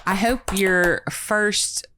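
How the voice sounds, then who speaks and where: A woman's voice: mid-range voice, steady tone, very slow, a little hiss or hum. A woman hosting a podcast in casual, profane, rambling chat after a few drinks. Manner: profane, rambling, laughs easily. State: been drinking. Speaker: podcast host.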